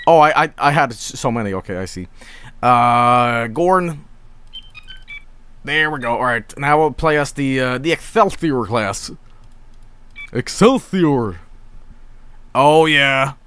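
A man streaming a space game, chatting casually, swearing and breaking into shouts when the fighting starts. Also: medium pitch, a little slow, clear, resonant tone. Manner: excitable, swearing, jumps to shouting in combat. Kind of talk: casual gameplay commentary.

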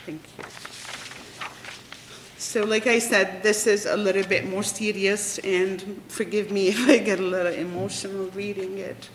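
A woman from Lebanon, reading her poem slowly and with emotion. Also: mid-range voice, steady tone. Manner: slow, solemn, emotional delivery. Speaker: poet. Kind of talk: poetry reading. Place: public library hall. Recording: echoey hall, faint background noise.

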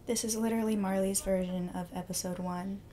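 A woman's voice: medium pitch, steady tone, brisk, dark tone, a little hiss or hum. A young woman hosting a live reaction video, gushing and reacting aloud with emotion, often dropping to a whisper.

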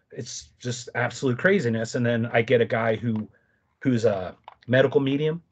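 A man telling stories as a podcast guest, his husky voice running animated, with quick asides and self-corrections. The audio is muffled and lo-fi, like a simple podcast recording. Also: mid-range voice. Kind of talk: casual conversation.

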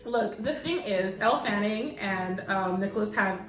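A woman's voice: mid-range voice, expressive, normal speed, fairly bright tone, roomy sound, faint music behind, rough recording. A woman co-hosting a podcast in casual chat, gushing and laughing often. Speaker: podcast co-host.

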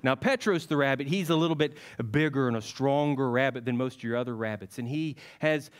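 A man leading a children's sermon in church, telling a folksy, animated story to the kids. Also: mid-range voice, brisk. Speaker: children's message leader at church. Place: church sanctuary.

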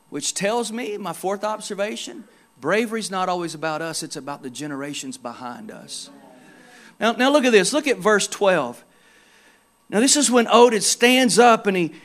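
A male pastor preaching a sermon, telling stories and swelling into loud, emphatic exhortation. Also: high-pitched. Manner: storytelling, quoting others in his own voice.

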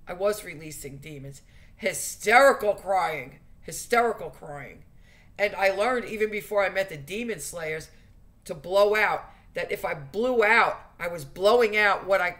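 Woman, earnest spiritual vlog monologue, emphatic repetition, medium pitch. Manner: emphatic, repeats key phrases for stress. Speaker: spiritual vlogger.

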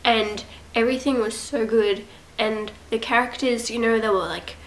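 A woman's voice: a little high, steady tone, moderate pace, slight background noise, low-quality recording. Congested young woman rambling to camera. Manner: rambling, self-mocking, chatty. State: congested with a cold. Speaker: vlogger. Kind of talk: casual rambling chat to camera. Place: at home. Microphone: camera set up at home.

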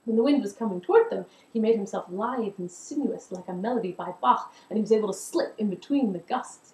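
A woman's voice: mid-range voice, fairly quick, few pauses, a little mellow. A woman telling a story in a performance, narrating expressively and animatedly. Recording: roomy echo.

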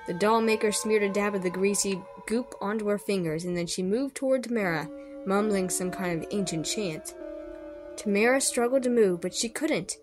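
A woman's voice: medium pitch, normal speed, music in the background. A woman reading a children's horror story aloud expressively, with small slips and rereads. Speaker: storybook reader.

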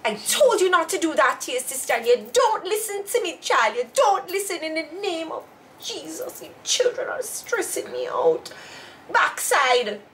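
A woman's voice: very high voice, very animated, normal speed, a bit bright, slight background noise, pitched above the performer's own voice, full character voice. A woman voicing a strict churchgoing mother who scolds her children and calls on the Lord. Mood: scolding.

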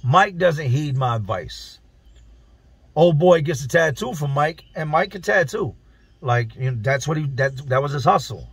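A man's voice: on the high side, animated, moderate pace, husky, dry recording. A man telling stories from prison in casual street slang, acting out the other people's lines as he goes. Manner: streetwise slang, acts out quoted dialogue. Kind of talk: casual storytelling.

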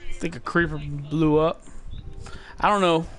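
High-voiced young man swearing through a game. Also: steady tone, a little slow, a bit bright, faint music behind. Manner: profane, laughing, easily startled. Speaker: gamer. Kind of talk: casual multiplayer gaming banter.

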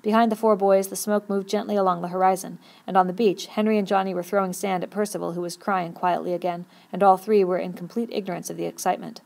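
Woman reading a novel in a gravelly voice. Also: mid-range voice, steady tone, quick pace, few pauses, darkish tone. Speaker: audiobook reader.

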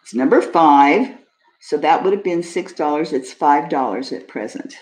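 A woman hosting a live jewelry sale stream, describing pieces in a chatty, unhurried way and talking to viewers. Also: deep voice, darkish tone. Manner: chatty, describes items slowly, friendly asides to viewers. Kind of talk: casual live-stream selling.

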